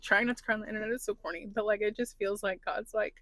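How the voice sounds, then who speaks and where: A woman's voice: medium pitch, fast, hardly any pauses, fairly bright tone, no room sound. A young adult woman talking in a casual confessional vlog, earnest and emotional, saying "like" a lot. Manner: earnest, emotional, heavy use of "like". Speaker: plus-size influencer vlogger.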